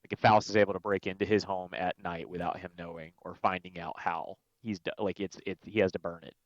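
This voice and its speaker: Low-voiced player man. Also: fairly even intonation, brisk, no echo, highs cut off. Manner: rambling, laughs through his lines. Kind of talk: casual tabletop play.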